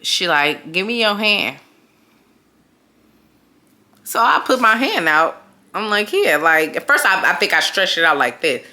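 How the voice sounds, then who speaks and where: A woman tells a storytime to her vlog audience. Her voice sits a little low but sounds bright and edgy. Her pitch swings wide as she curses and laughs her way through the tale. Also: sing-song, moderate pace. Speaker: storytime vlogger. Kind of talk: casual storytelling.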